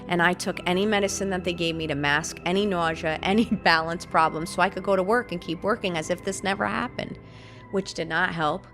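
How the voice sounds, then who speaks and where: A woman, a podcast guest, telling a personal story in an animated way and acting out the lines she quotes. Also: on the low side, moderate pace, soft background music. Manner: animated, acts out quoted dialogue.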